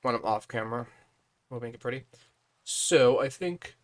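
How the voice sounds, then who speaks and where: Young guy, laid-back live-stream builder, chatty and unhurried, talks to himself as he works. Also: mid-range voice. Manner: relaxed, thinking aloud with fillers.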